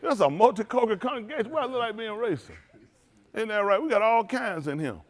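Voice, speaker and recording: A man's voice: high-pitched, lively intonation, quick pace. A man preaching, joking loosely and teasing his congregation, laughing often. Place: synagogue hall, livestream.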